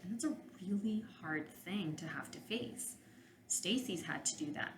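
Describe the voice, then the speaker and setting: A woman's voice: medium pitch, animated, normal speed, a bit bright, roomy sound, a little hiss or hum, low-quality recording. A woman, a couples therapist and podcast host, giving frank, direct advice in a solo monologue.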